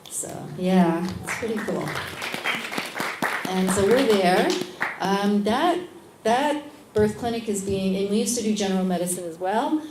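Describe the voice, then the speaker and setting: A middle-aged woman, a midwife being interviewed, tells a story in a casual, animated way and acts out other people's lines. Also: mid-range voice, measured pace, over a noisy crowd. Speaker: guest, midwife. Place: event space at a lunch gathering. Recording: echoey room with background noise.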